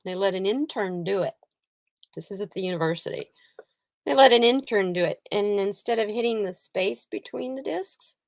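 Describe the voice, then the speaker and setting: A woman in her sixties, a livestream host and card reader, tells a story on a casual stream, pausing to greet viewers and laughing often. Her voice is medium-pitched and creaky, recorded without echo.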